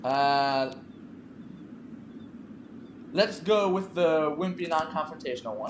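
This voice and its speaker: Casting: woman with a lowish, lively voice, thinking aloud over gameplay, roomy echo. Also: slow pace, pauses often, a little hiss or hum. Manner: musing aloud, thinking through choices. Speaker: gameplay commentator. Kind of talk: let's play commentary.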